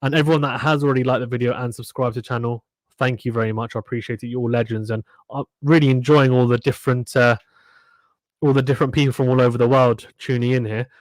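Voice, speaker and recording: A man's voice: medium pitch, steady tone, fast talker, no echo. A man hosting a live tennis watchalong, calling points casually and reading out viewer comments from the chat. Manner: chatty, reads out viewer comments between points. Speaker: livestream host doing tennis play-by-play.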